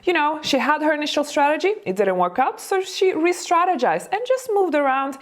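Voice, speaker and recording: Woman dating coach, encouraging and chatty, slightly high voice, reacts to clips. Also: lively intonation, fairly quick. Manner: chatty, encouraging, laughs often.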